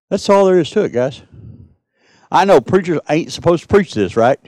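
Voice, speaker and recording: Fiery preaching man, swings loud to hushed. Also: fairly high pitch, expressive, moderate pace, dry recording, low-quality recording. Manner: impassioned preaching, rising loud then dropping soft. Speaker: pastor. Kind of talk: sermon.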